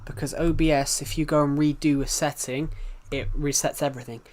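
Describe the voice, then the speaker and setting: A man's voice: on the high side, fairly even intonation, brisk, a little mellow. A man chatting casually on a live stream, greeting viewers and rambling as he reacts to the chat in front of a desktop mic.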